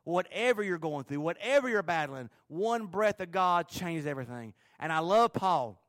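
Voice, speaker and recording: Preacher guy telling bible stories all fired up, cracks jokes, pretty high voice. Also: moderate pace, dry recording. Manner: animated, joking, emphatic storytelling. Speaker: pastor. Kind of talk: sermon.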